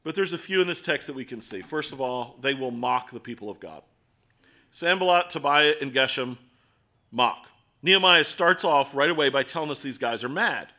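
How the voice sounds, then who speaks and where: A middle-aged man preaching a sermon, asking rhetorical questions and moving between quiet asides and emphatic points. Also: mid-range voice, animated, normal speed. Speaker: pastor.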